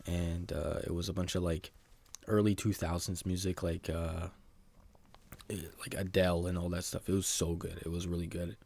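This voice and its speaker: A man's voice: deep voice, flat delivery, moderate pace, creaky, darkish tone. A young man telling an embarrassing story from his school days in a rambling, self-mocking casual monologue, full of "like" and "bro".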